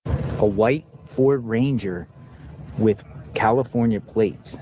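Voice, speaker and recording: A man's voice: on the low side, slow pace. A man doing casual live-stream commentary outdoors, chatting to his viewers as he goes. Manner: chatty, talks to viewers as folks. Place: outdoors by a roadside. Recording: outdoor stream with traffic noise.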